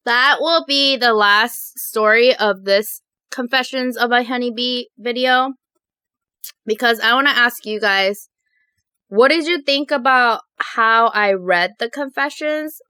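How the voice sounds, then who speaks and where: She's a mukbang vlogger telling viewer confessions, casual and animated with a quick giggle. Her voice is fairly high and bright with a crisp, clean quality, captured close to the mic in a dry recording without any room sound.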